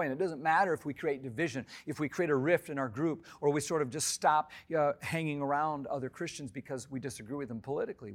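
A man preaching a sermon in an earnest, emphatic way, swinging between loud, stressed rises and hushed, quiet drops. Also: a little high. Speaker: pastor.

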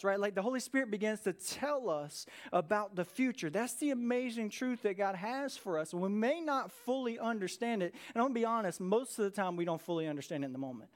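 With a high pitch and a chatty, spirited style, a male pastor gives his sermon. Dramatic pauses break up his energetic preaching.

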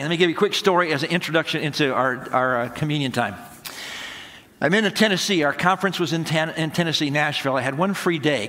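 A man's voice: a little high, a bit bright. A man preaching, telling a folksy story and acting out the dialogue. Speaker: pastor. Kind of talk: sermon storytelling. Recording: long hall reverb.

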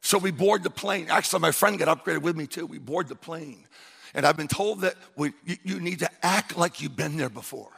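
A man preaching a fervent sermon at a church service, breaking into shouts and rambling through personal stories with many asides. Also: a little high, brisk, creaky, slightly rough, in a large hall. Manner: storytelling with many asides and restarts. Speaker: visiting missionary preacher.

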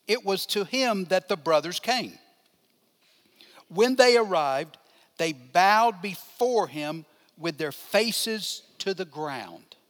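Older male pastor, conversational Bible teacher, high voice, long reverberant hall. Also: lively intonation, slow pace, a bit bright. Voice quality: asks the listeners questions and responds to them.

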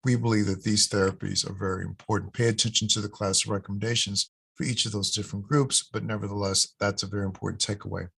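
A man, a cardiologist, explaining new heart failure guidelines in an interview, measured and emphatic, repeating key points. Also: lowish voice, little pitch movement, creaky, fairly bright tone, breathy edge. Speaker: cardiologist guest, guideline author.

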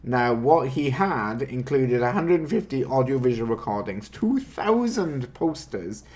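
A man's voice: medium pitch, big pitch swings, measured pace, a little mellow. A man co-hosting a podcast, talking through news stories in a wry, casual way, with many fillers and frequent laughs. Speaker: podcast co-host.

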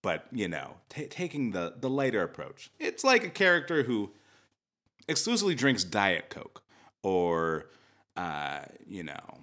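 A man's voice: lowish voice, wildly swooping pitch, unhurried, sharp tone. A young man co-hosting a podcast, rambling and joking in casual chat with many restarts. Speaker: podcast co-host.

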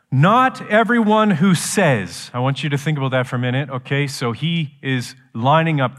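A man preaching a sermon as pastor, shifting from quiet explanation to loud, slow, emphatic lines. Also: medium pitch, big-room sound.

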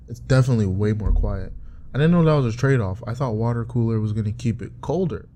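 A man's voice: mid-range voice, quick pace, mellow. A young man rambling casually and profanely, joking and laughing at his own bits.

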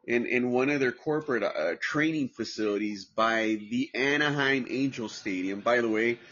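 A man's voice: mid-range voice, normal speed, a bit bright, muffled recording. A man from Southern California hosting a casual podcast, rambling and profane with frequent restarts. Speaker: podcast host. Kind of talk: casual livestream podcast chat.

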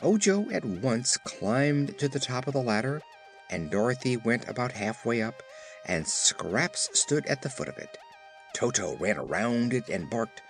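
A man narrating an audiobook with expressive storytelling. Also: medium pitch, a little slow, faint music behind. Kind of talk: scripted narration.

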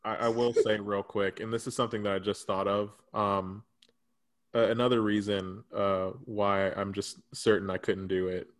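A young man co-hosting a podcast, telling animated stories in casual chat, swearing freely and laughing often. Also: fairly low pitch, moderate pace. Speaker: podcast co-host.

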